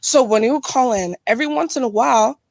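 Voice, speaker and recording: Animated young woman telling a story. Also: on the high side, fast, creaky, dry recording. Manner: acts out the dialogue in her stories, laughs often, swears casually. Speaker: podcast co-host. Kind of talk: casual chat, animated storytelling.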